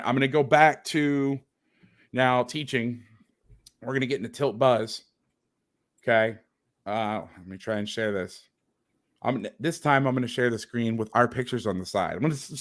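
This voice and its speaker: A man talks football film over a video call at an ordinary pitch. He is a coach who is sarcastic and openly exasperated as he picks apart each play. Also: a bit bright.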